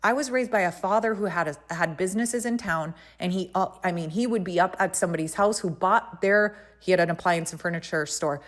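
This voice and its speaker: A woman's voice: on the low side, fairly quick, hardly any pauses. A woman hosting a podcast, telling a story in a casual, emphatic, indignant way and talking straight to her listeners. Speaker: podcast host.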